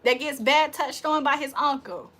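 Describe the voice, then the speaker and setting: Woman livestream host, high and bright, roasts her chat, breaks into loud laughter. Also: normal speed. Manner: trash-talking, laughs loudly. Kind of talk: casual live chat.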